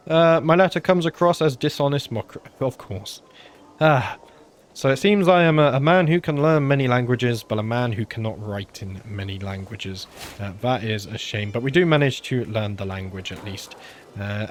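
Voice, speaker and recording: A British gaming channel host with a medium-pitched voice speaks at normal speed over slight background noise. Playing a strategy game for a let's-play, he ponders aloud with frequent fillers and sounds slightly under the weather.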